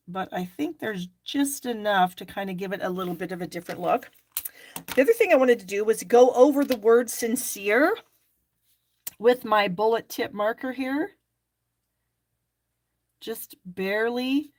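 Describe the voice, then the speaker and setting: With a slightly high voice and no room sound, a woman runs a live stamping class. Her live craft demo is chatty and full of fillers as she thinks aloud while working.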